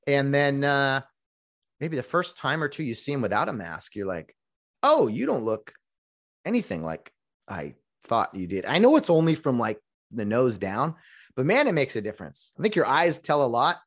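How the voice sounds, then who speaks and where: A man who works as a rideshare driver, talking casually in a rambling vlog monologue. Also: moderate pace. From California. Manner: rambling, restarts often, lively pitch.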